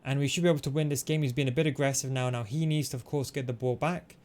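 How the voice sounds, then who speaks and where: A man giving fast, analytical play-by-play commentary over his own football video game match, explaining tactics with frequent fillers. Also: medium pitch, fairly even intonation, a little mellow. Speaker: gaming tutorial host. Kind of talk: gameplay commentary.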